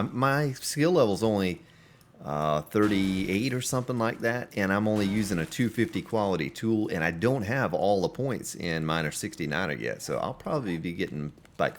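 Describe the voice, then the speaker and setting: A man with a very low voice gives running commentary over a live game stream, talking to his viewers. His pitch swings widely as he chats, calling out names in the chat. The sound is a home streaming microphone. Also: slight background noise. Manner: chatty, greets viewers by name.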